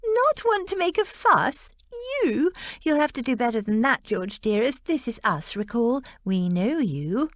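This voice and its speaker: A woman's voice: on the high side, very animated, measured pace, few pauses, no echo, voice pushed up. A woman voicing an arch, teasing young Regency lady with a blunt wit.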